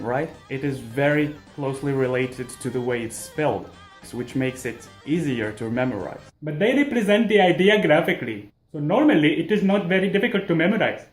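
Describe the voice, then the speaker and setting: A man narrating a scripted language tutorial with wry, deadpan jokes. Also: mid-range voice.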